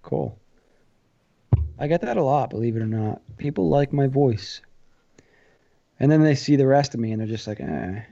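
A man's voice: mid-range voice, moderate pace, gravelly, long pauses, mellow. A man with a New Jersey accent chatting on a podcast in a laid-back, self-deprecating way. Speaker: podcast co-host. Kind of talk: casual podcast chat. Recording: dull lo-fi sound.

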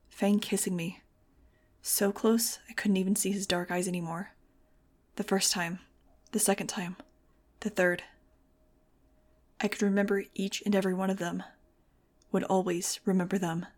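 A woman reading a first-person audiobook in a measured, dramatic way. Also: mid-range voice, a little mellow. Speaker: audiobook narrator. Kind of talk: scripted first-person narration.

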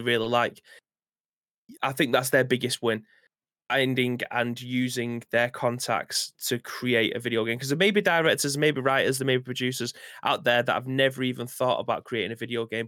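Male co-host, mid pitch, relaxed measured opinions, dry close sound. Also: dry recording. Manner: easygoing, hedging opinions. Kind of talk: casual gaming news chat.

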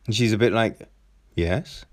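A man's voice: medium pitch, slow pace, dry recording, studio quality. A man giving a casual, rambling film recap with many fillers and restarts. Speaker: film reviewer.

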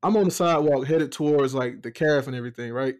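A young man, telling jokey stories in a relaxed casual chat. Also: medium pitch, fast. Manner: relaxed, joking storyteller.

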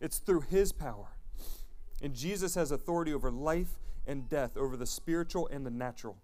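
Earnest, fairly high-voiced male preacher. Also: fairly quick. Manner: earnest, animated, acts out quoted speech. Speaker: missionary guest speaker at a church. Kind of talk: sermon with personal storytelling.

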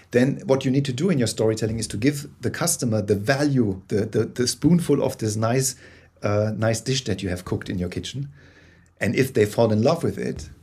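A man's voice: medium pitch, a little mellow, slightly rough. A man being interviewed as a guest, explaining his ideas with frequent restarts and tag questions like "yeah?". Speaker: guest storyteller. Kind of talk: interview conversation.

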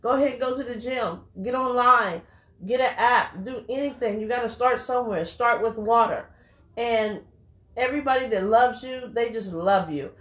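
A woman's voice: on the high side, moderate pace, echoey room. A woman co-hosting a casual talk show, blunt and preachy, who swears casually. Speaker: podcast co-host. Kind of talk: casual chat.

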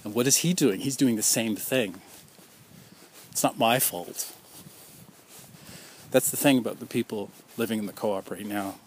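A man's voice: lowish voice, measured pace, long pauses, a little hiss or hum. A man speaking out as a survivor in an impassioned personal monologue, earnest and accusing, piling up repeated rhetorical questions.

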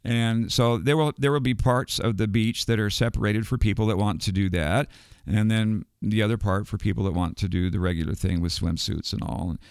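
A man's voice: fairly low pitch, steady tone, fairly quick, smooth, dry recording, clean studio sound. An older man, a guest and retired educator, telling a story casually with many ums and restarts. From United States.

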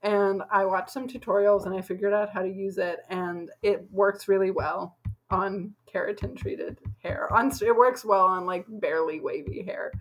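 A woman's voice: medium pitch, a little hiss or hum, low-quality recording. A young woman co-hosting a podcast, chatting casually and filling her talk with lots of "like". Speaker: podcast co-host. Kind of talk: casual chat.

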